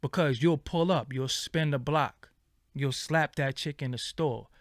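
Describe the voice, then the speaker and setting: A man hosting a livestream, ranting casually in animated, profane street slang. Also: on the high side, unhurried, no room sound, clean studio sound. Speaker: livestream host.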